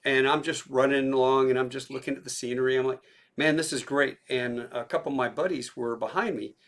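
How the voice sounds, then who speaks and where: A man hosting a podcast, telling a casual anecdote with many fillers and pauses. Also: mid-range voice, fairly even intonation, fairly bright tone. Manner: rambling anecdotes with hesitant fillers. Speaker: podcast host. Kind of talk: casual chat.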